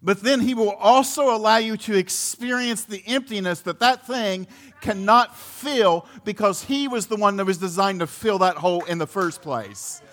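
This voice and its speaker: A man's voice: high-pitched, moderate pace, a bit bright. A man preaching a sermon in a conversational way, full of restarts, asides and laughs. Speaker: pastor.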